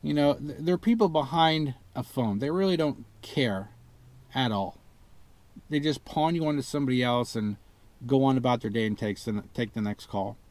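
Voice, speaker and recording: A man's voice: mid-range voice, moderate pace, a little mellow, dry recording. A man telling a frustrated story about a car purchase gone wrong and mimicking the people he quotes. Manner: exasperated, retelling a phone ordeal with rising indignation. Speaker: customer reviewing a car purchase. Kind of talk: casual complaint story vlog.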